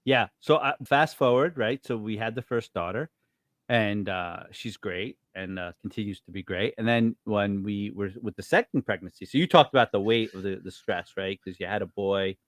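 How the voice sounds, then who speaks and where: A middle-aged man co-hosts a podcast, telling stories in casual conversation as an animated storyteller who acts out quotes with big jumps in pitch. He speaks at a moderate pace, with no echo.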